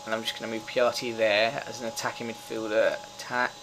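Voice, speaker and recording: His voice is on the low side and quick, with a noisy background. A young man doing casual live commentary on a football management game, he swears a lot and gets excited, cheering whenever his team scores.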